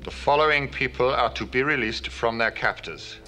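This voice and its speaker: An actor playing a cold, calculating terrorist leader in a film scene, suave and clipped. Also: male voice, medium pitch, normal speed, pushed and bright, soft background music, natural voice. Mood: scheming. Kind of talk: film dialogue. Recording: film audio with long reverb and faint score.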